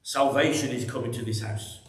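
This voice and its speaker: Male pastor, emphatic sermon, mid-pitched voice, reverberant church room. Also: fairly even intonation, moderate pace, a little hiss or hum. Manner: emphatic, conversational preaching with repeated phrases. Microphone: microphone.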